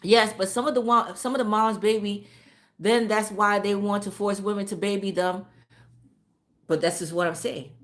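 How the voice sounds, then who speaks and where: A woman telling a story on her vlog in a blunt, profane, animated rant. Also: mid-range voice, moderate pace. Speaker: vlogger.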